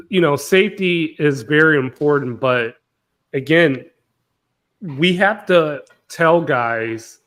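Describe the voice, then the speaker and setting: A man with a medium-pitched voice hosts a live-stream panel discussion. He talks animatedly, often cutting in and repeating words.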